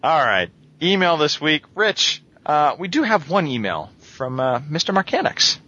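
A man's voice: a little high, very animated, sharp tone, a little hiss or hum. A man hosting a casual gaming podcast, running through long lists of releases with frequent fillers. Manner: reads long lists of titles briskly, with many fillers. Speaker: podcast host. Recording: slightly dull lo-fi podcast audio.

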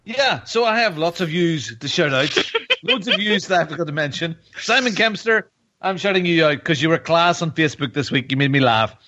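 A man hosting a casual gaming podcast, chatty and quick to laugh. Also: on the high side, animated, pushed and bright. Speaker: podcast host. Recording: slightly dull lo-fi sound.

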